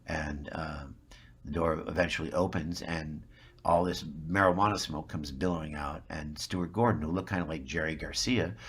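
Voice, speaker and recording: This man in his seventies has a rumbling low voice with a breathy edge. A guest actor, he spins a long, rambling anecdote, animatedly acting out the people he quotes.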